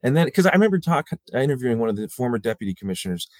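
Man in a dry room, halting and thoughtful. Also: medium pitch, big pitch swings, no room sound. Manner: halting restarts, acts out quotes. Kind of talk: casual conversation.

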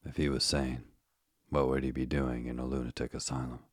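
A man reading the lines of a cheerful, callous, burly asylum keeper in a blunt, offhand way, as part of a calm sleep-story reading. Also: extremely low pitch, a little fast, no echo, studio quality.

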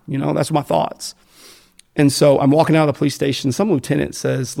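A man's voice: mid-range voice, steady tone, fast talker, creaky, a little mellow. An American man speaking bluntly and profanely, rambling with fillers and restarts as he tells his story in an interview. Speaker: guest telling his addiction story.

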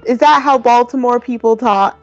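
A woman co-hosting a casual podcast chat, animated and profane, with a constant "like" in her talk. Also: a little high, normal speed, highs cut off, faint music behind. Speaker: podcast co-host.

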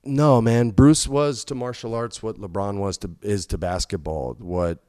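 A man telling a long story in casual talk, animated and swearing freely, jumping loud and high whenever he quotes someone. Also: measured pace, no room sound, studio quality. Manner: animated, swings loud and high when quoting people. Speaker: podcast guest.

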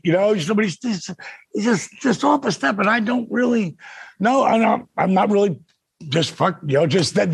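Excitable male storyteller, gravelly rasp, dry close sound, stammers and swears freely. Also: sits high, no echo. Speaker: podcast guest, former wrestler. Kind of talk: animated storytelling, profane.

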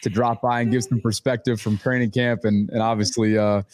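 A man's voice: lowish voice, level tone, fairly quick, darkish tone. A man co-hosting a talk show, chatting casually in an easygoing, teasing way. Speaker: co-host. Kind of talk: casual chat.

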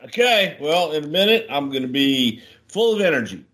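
Playful man with a lively voice. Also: a little high, normal speed. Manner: playful, tells a long bawdy joke with changing voices. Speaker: co-host. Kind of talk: casual podcast chat and joke-telling.

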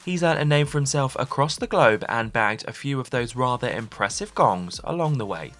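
A man's voice: mid-range voice, a bit bright. A man hosting a theatre podcast, reading a scripted intro and then interviewing with effusive enthusiasm. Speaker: podcast host.

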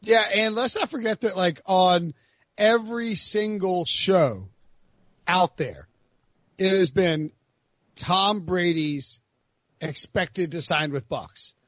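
Man hosting a sports podcast, higher voice. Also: expressive, slow, long pauses, fairly bright tone, dry recording, muffled recording. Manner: rambling, self-interrupting. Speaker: podcast host. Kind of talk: casual sports podcast chat.

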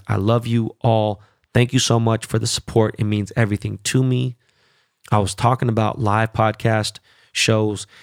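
Gravelly, profane podcast host. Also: male voice, lowish voice, dry recording, studio quality. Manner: profane, animated, rambling asides. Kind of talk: casual solo podcast chat.

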